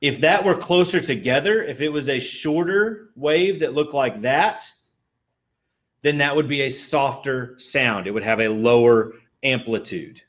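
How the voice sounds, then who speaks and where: A male music instructor lectures in an everyday, mid-range voice, walking through definitions patiently and pausing to check that the class follows. The recording is dull and lo-fi, with the top end muffled. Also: mid-range voice, fairly bright tone. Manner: explanatory, often checks understanding with "okay?".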